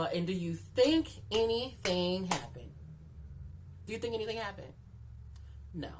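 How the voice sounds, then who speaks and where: In a casual vlog chat, a woman tells a candid, profane story, repeating phrases for emphasis and calling the listener "girl." Her medium-pitched voice is expressive at a normal speed, with slight background noise.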